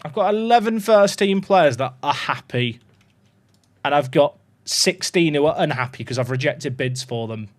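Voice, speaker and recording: Expressive and on the high side, this man's voice runs at normal speed. He's a streamer giving casual commentary on a football management game, cursing and dramatically despairing to his chat.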